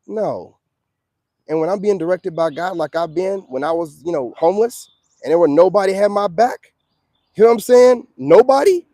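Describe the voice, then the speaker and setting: Slangy preachy guy going off at his viewers, kinda high but mellow voice. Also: dry recording. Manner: blunt, confrontational, preachy; slangy street talk, repeats "you know what I'm saying". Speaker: self-styled spiritual coach. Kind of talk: ranting monologue to viewers.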